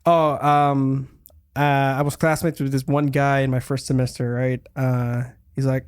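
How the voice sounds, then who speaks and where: A young man co-hosting a podcast, chatty and telling stories with quick laughs. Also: mid-range voice, little pitch movement, clean tone. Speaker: podcast co-host. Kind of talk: casual chat.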